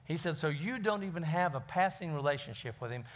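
A man's voice: on the high side, animated, a little fast. A man who is a pastor, preaching a conversational sermon in a folksy way and often repeating words as he finds his phrasing.

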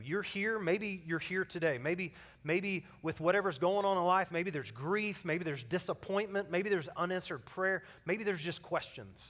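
A middle-aged man preaches with a slightly raised voice. He is earnest, pushing some lines out loudly and dropping others almost to a hush. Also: on the high side. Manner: earnest, swings from loud urging to soft hushed delivery. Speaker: pastor. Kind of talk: sermon.

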